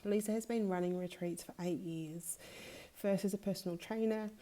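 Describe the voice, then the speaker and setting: A woman hosting her own podcast as a spiritual coach, talking in a heartfelt, confiding way and pausing often on filler sounds. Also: on the low side, fairly even intonation, dark tone. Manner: hesitant, with frequent filler sounds. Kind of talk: casual personal podcast monologue.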